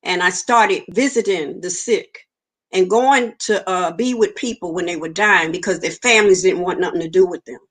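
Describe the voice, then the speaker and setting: A woman's voice: lowish voice, normal speed. A woman, giving an earnest personal testimony in an interview and acting out the dialogue she quotes. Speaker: interview guest.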